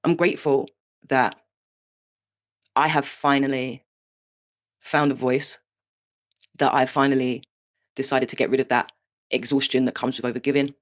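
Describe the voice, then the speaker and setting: A woman's voice: very deep voice, steady tone, normal speed, long pauses. A woman talking candidly to camera in a confessional vlog, frank and sweary, with rueful laughs. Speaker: vlogger.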